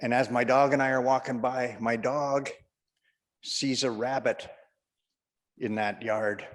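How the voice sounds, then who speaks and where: A male comedian tells a rambling stand-up anecdote at an easygoing storyteller's pace. His voice sits in a middle pitch. The recording has a long, lingering reverb. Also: steady tone, a little slow.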